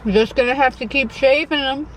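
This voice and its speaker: A woman's voice: high voice, brisk, rough recording. Young Connecticut woman, mukbang vlogger in her parked car, chatty and self-deprecating, faint hum behind. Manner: chatty and self-deprecating, eating between remarks. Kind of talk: casual eating vlog chat.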